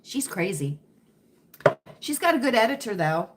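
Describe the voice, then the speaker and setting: A woman's voice: mid-range voice, very animated, unhurried, long pauses, background noise. An American woman hosting a casual livestream chat, talking dramatically to her viewers and calling them friends. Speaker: livestream host.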